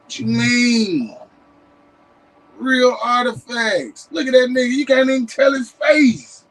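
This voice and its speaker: A man with a Tennessee accent showing off maps and artifacts in a casual vlog, animated and emphatic, breaking into shouts. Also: very high-pitched, moderate pace, rough recording. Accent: Southern US, Tennessee. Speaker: history vlogger. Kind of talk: excited casual show-and-tell.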